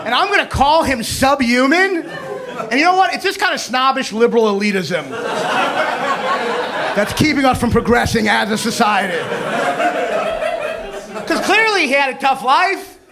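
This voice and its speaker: High-voiced comedian in a noisy club. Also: male voice. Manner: animated, mock-indignant, acts out characters in quick bursts. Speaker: stand-up comedian. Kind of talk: stand-up comedy set. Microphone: handheld stage mic. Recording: live club recording with crowd noise. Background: audience laughter.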